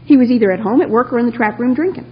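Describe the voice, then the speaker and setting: A woman from Texas, speaking at a racing pace in a slightly high voice, shares her own story at a recovery meeting before a live audience. She tells it humorously with lots of laughter, on a lo-fi recording made in a hall.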